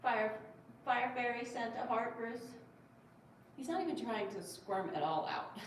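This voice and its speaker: A woman's voice: fairly high pitch, animated, a little slow, slight background noise. A woman hosting a casual livestream. She reads viewer comments aloud and coos at her cat. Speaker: livestream host. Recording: very echoey room, distant mic, faint ambience.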